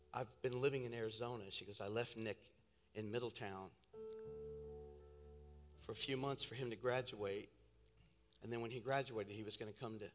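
A man preaching a sermon as a pastor, telling a story and building to shouting. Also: fairly low pitch. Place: church sanctuary.

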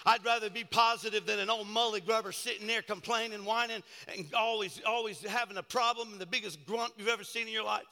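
Bright-voiced male preacher in reverberant hall. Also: high-pitched, fairly even intonation, brisk, gravelly, few pauses. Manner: fervent, repetitive preaching. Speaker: pastor. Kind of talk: sermon.

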